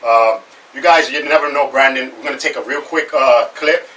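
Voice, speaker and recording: A man hosting a show, interviewing a comedian casually, with a halting delivery full of fillers. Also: medium pitch, pushed and bright, distant mic, slight background noise, poor audio. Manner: halting, many fillers and restarts. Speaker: show host.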